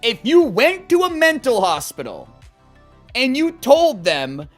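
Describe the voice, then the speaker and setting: A man's voice: very high voice, measured pace, faint music behind. A man streaming as he plays a game, chatting casually and telling rambling, profane stories. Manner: animated, profane, rambling storytelling. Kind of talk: casual chat while gaming.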